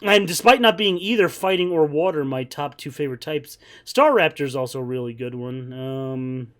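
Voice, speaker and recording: A man giving casual gameplay commentary as a streamer, excitable and swearing a lot, over game music. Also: on the high side, moderate pace.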